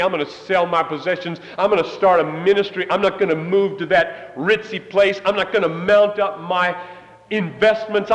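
A man preaching an impassioned sermon, swinging between loud declarations and hushed asides. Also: high-pitched. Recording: long hall reverb.

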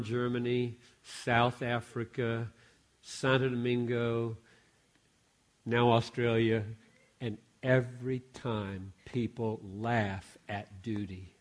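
Older male preacher, animated storyteller, mid-pitched voice. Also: takes it slowly, pauses often. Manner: animated storytelling with self-corrections. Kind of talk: sermon with acted-out story.

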